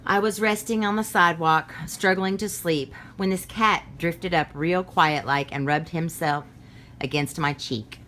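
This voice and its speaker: A woman reading as a weary homeless male war veteran, talking quietly and haltingly. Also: lowish voice, steady tone, slight background noise.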